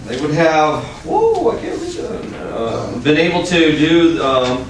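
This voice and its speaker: A man introduces the next speaker at a club meeting, reading haltingly and tripping over the words. He is picked up from far away in a very echoey room. Background noise is clearly audible. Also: fairly high pitch, big pitch swings. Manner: halting, stumbles over the text. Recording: echoey room, distant mic, some noise.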